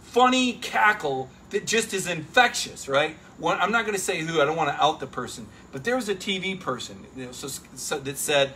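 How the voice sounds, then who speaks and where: A middle-aged man hosting a casual sports talk show, animated and emphatic, often turning to listeners with "right?". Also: on the high side, normal speed, hardly any pauses, slight background noise. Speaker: sports reporter and show host.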